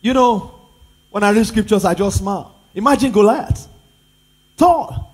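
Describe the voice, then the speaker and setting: A man's voice: high voice, a little slow, darkish tone, husky. A Nigerian pastor, a man, preaching a sermon with emphatic repetition and rhetorical questions.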